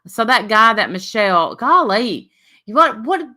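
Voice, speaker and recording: A woman's voice: a little high, very animated, unhurried, sharp tone. A woman hosting a casual livestream, chatting, reading out viewer names and laughing at herself. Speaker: livestream host.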